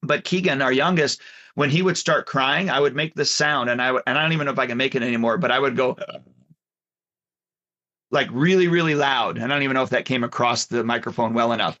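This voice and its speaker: A man's voice: medium pitch, fairly even intonation, fast talker, pushed and bright, highs cut off. A man co-hosting a casual talk about kids and habits, telling stories and often correcting himself. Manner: rambling storyteller, self-correcting. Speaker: podcast co-host, martial arts instructor. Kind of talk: casual chat.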